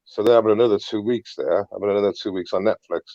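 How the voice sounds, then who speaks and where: A man's voice: on the low side, quick pace, dark tone, dry recording, muffled recording. A man from Britain chatting casually on a live stream panel, rambling and hesitant. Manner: rambling, hesitant with fillers and restarts. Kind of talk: casual chat.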